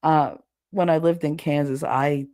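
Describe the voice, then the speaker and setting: A woman's voice: sits low, fairly even intonation, a little slow, mellow, no echo, studio quality. A middle-aged woman with a thick American accent, hosting a casual livestream chat, swearing casually and laughing often. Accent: thick regional American accent. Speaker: livestream host. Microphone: livestream setup.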